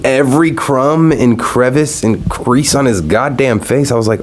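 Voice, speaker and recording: A man hosts a solo podcast, smoking as he rants casually, telling stories with laughs and a loose, profane manner. He speaks a little slowly at medium pitch with few pauses.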